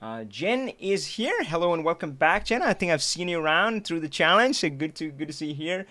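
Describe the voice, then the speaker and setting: A man hosting a live stream, chatting casually with an animated manner, laughing often and restarting his sentences. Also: on the high side, brisk. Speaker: livestream host.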